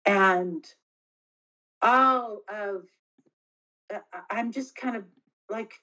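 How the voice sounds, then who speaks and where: Middle-aged woman telling her story, halting. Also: mid-range voice, pushed and bright, rough recording. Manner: earnest, halting with frequent restarts. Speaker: interview guest. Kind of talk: personal storytelling in conversation.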